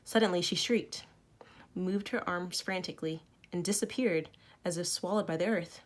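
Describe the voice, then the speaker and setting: Recorded at home for online classes, a low-voiced female teacher reads a novel to her students at normal speed, bringing expression to it and catching small slips as she goes.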